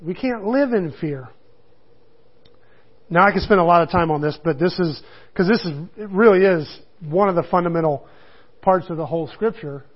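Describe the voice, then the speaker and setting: Middle-aged guy leading a bible study, kinda high voice, chatty, dull muffled recording. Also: moderate pace, long pauses, slightly rough. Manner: conversational, chuckles, acts out quotes. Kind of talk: casual Bible study teaching.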